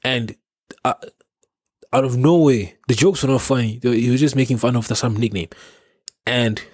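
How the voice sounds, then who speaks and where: Husky South African man telling stories. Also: mid-range voice, a little mellow, no echo, studio quality. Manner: rambling, laughing, many restarts. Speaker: podcast host. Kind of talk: casual storytelling.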